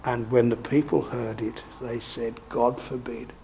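A man's voice: medium pitch, fairly even intonation, unhurried, gravelly, warm tone, slight background noise. A man preaching a sermon, expounding scripture in a conversational way and often asking his listeners tag questions.

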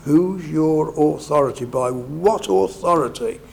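A man's voice: on the high side, measured pace, gravelly. A man preaching a sermon, expounding scripture in a conversational way and often asking his listeners tag questions.

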